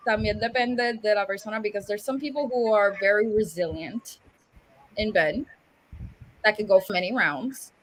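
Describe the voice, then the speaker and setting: A woman's voice: medium pitch, normal speed. A woman with a Puerto Rican accent, co-hosting a casual chat, joking and switching between English and Spanish. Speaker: podcast co-host.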